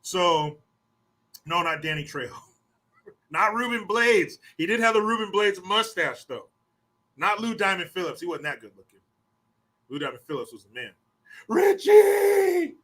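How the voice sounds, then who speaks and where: A man rambles through a story on his podcast, swearing freely and drifting off track. His voice sits a bit high and rings bright and forceful. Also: expressive. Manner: rambling, swears often, puts on quick mocking voices. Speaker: podcast host. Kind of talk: profane casual storytelling.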